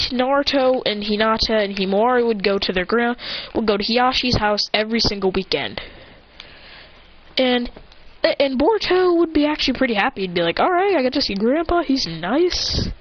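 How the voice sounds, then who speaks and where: A woman improvises a fan-fiction tale in a loose, rambling way, stopping to correct herself and toss in asides. Her voice sits a little high. The recording is somewhat dull and lo-fi. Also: lively intonation, a little fast. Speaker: fan storyteller.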